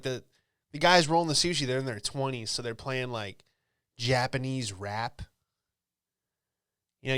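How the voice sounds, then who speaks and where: A man's voice: mid-range voice, a bit bright, clear, resonant tone, no echo, studio quality. A young man, a comedian, riffing casually through a solo comedy monologue in a rambling, offhand way, with lots of fillers. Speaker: comedian and podcast host.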